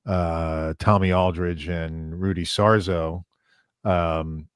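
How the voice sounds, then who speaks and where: A man with a very low voice co-hosts an interview. He talks with rambling enthusiasm and plenty of fillers. The sound is dry, with no room echo. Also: level tone, slow pace, clean tone. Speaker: podcast co-host. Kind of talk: casual interview conversation.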